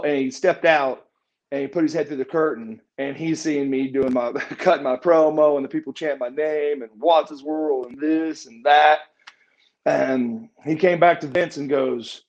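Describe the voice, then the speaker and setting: Guy spinning a story in an interview, kinda high voice, dull muffled audio. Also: normal speed. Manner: animated, acts out quotes with raised pitch. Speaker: interview guest, former wrestler.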